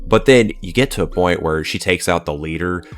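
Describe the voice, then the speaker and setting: Blunt, profane man with a very deep voice. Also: brisk. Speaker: movie reviewer. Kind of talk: ranting film review.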